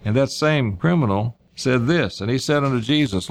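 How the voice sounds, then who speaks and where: A male preacher with a gravelly, creaky edge to his mid-pitched voice. He reads scripture aloud and then retells it in plain everyday speech for his congregation. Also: expressive, normal speed. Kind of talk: sermon.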